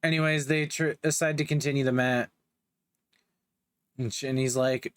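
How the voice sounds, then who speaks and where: A man's voice: medium pitch, flat delivery, normal speed, no room sound. A young man giving a casual, joking recap of a manga, with slangy asides. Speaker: manga reviewer.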